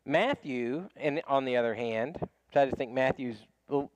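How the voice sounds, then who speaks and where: A man's voice: medium pitch, moderate pace, no echo, rough recording. A man teaching a casual Bible study class, talking conversationally with frequent restarts and small chuckles.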